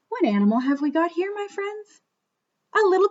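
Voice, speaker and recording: A young woman, a children's librarian reading a bedtime story aloud, gently and playfully coaxing little listeners to join in. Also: very high voice, sing-song, normal speed, lo-fi sound. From Canada.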